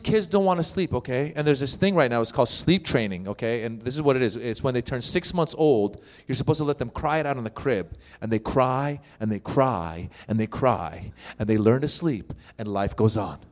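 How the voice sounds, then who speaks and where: A middle-aged man from Iran doing a stand-up set at a live show, animated and acting out other people's voices in his stories. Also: mid-range voice. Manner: animated, acts out voices of others, quick punchlines. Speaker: stand-up comedian. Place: live comedy show with audience.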